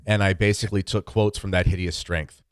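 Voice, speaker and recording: Relaxed male host, lowish voice, dry close sound, easy chatty delivery. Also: brisk, clear, resonant tone, no room sound. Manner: relaxed and conversational, with fillers. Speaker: podcast host. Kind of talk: casual conversational interview.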